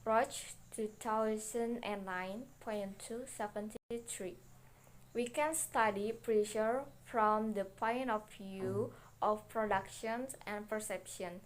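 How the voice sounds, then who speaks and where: A woman's voice: mid-range voice, takes it slowly, a little hiss or hum. A young woman, a native Indonesian speaker, reading a class presentation carefully, with restarts and self-corrections. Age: young adult. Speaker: student presenter.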